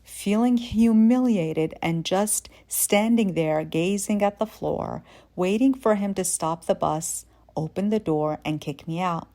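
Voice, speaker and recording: A woman from Yemen in her forties telling a personal story in a measured, reflective way. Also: medium pitch, mellow. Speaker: podcast host.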